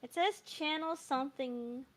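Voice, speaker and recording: Woman, high-pitched, bright tone, giggly, excitable, casual stream chat, dry close mic. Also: a little slow, no room sound. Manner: giggly, excitable, reads a story aloud.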